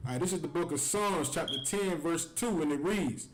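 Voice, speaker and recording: A man's voice: on the high side, animated, normal speed, slight background noise, poor audio. A man from the United States giving an angry, conversational scripture breakdown on a livestream, filling his talk with "man". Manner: heated, conversational preaching with frequent "man". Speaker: scripture teacher.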